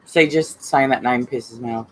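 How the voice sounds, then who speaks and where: A woman's voice: extremely low pitch, normal speed, a little hiss or hum, rough recording. A woman hosting a casual livestream, greeting viewers by name and talking bluntly and heatedly about online drama. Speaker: livestream host reading chat.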